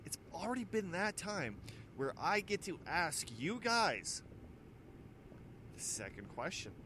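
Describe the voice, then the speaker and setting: A man's voice: high voice, sing-song, unhurried, bright, forceful tone, a little hiss or hum. A man hosting a casual morning radio show, telling rambling, jokey stories and laughing at himself as he runs trivia on a handheld mic. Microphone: handheld microphone.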